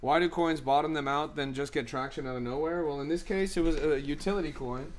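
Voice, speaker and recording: A man's voice: on the high side, a little fast, slight background noise. A young man streaming about crypto, reading viewer comments in a casual chat and ranting in exasperation with lots of swearing.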